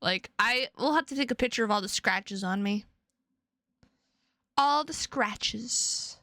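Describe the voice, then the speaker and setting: A woman's voice: mid-range voice, brisk, pushed and bright, no room sound. A young adult woman streamer chatting casually with her viewers, rambling and playful, often repeating her words.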